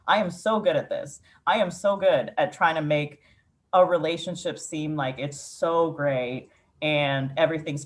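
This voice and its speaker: A woman poet from Ukraine, telling a candid, reflective story in a casual interview, with frequent "like" fillers. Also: fairly low pitch.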